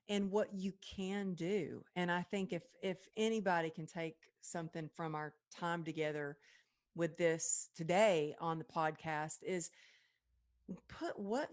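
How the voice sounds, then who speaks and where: Effusive woman podcast host, lowish voice. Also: unhurried. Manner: effusive, gushing praise with warm laughs. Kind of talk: casual interview chat.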